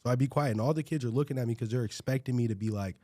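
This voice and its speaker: A man's voice: mid-range voice, very fast, dark tone, no room sound. Chill young guy, slangy, says like a lot, dry recording. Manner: laid-back slang, lots of "like". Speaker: guest, dancer and new comic. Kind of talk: casual chat, storytelling.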